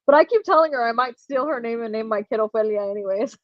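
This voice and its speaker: A young woman with a fairly high voice hosts a casual livestream giveaway, talking fast, laughing and reading chat comments aloud. The recording is muffled with no room sound.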